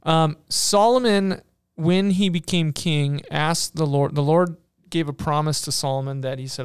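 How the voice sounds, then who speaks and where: A man with a fairly high voice talks casually, retelling scripture with lively asides and frequent restarts. His voice is smooth and clear. The recording is close and dry. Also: unhurried, few pauses, dry recording. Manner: animated, frequent fillers and restarts, playful asides. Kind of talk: casual retelling of Bible stories.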